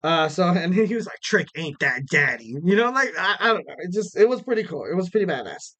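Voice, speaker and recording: A man's voice: sits high, expressive, fast, fairly bright tone. A young man hosting a podcast, recapping wrestling in a casual, rambling way with lots of fillers, self-corrections and jokes at his own expense. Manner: jokey, laughs at himself. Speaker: podcast host.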